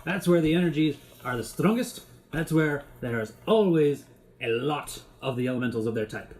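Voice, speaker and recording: A man narrating a tabletop game as game master in a relaxed, improvised way. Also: a little high, normal speed, slight background noise.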